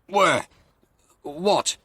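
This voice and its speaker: A stout police sergeant from a storybook, half asleep and gruff, as a male narrator puts him on. His questions are short and blunt, and he delivers them unhurried. The voice is close and dry. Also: a little high, animated, bright, forceful tone, no room sound, pitched above the performer's own voice, full character voice. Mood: roused.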